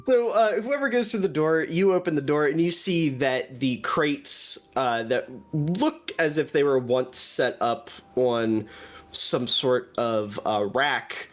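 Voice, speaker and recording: A man narrating a tabletop game as game master in a relaxed, filler-laden way. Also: on the high side, slow pace.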